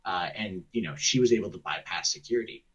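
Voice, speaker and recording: A man with a low-pitched, husky voice talks quickly as he spins a lengthy story full of profanity and tangents on a phone call, frequently imitating others' words. The call was secretly recorded and sounds muffled and distant.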